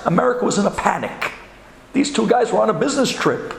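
A rabbi tells a story from the pulpit in a high, gravelly voice that swings widely up and down. His storytelling is animated and dramatic. The sound is roomy, with a long hall reverb behind him. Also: brisk, a little hiss or hum. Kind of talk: storytelling sermon.

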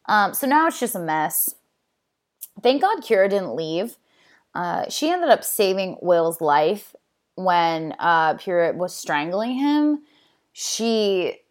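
A woman casually retelling a movie's plot, chatty and full of "um" and "like". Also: on the low side. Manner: chatty, filler-heavy, with frequent "um" and "like". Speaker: film recapper.

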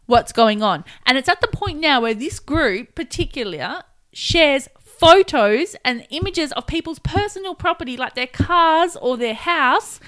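A woman's voice: high voice, fairly bright tone, dry recording. A woman co-hosting a podcast in casual chat, frank and opinionated, laughing easily. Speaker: podcast co-host.

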